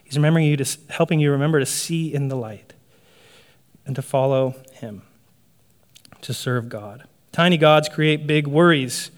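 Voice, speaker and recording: A man's voice: a little high, moderate pace, pauses often. A man preaching a sermon in a conversational way, often checking in with "right?" and laughing lightly. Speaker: pastor.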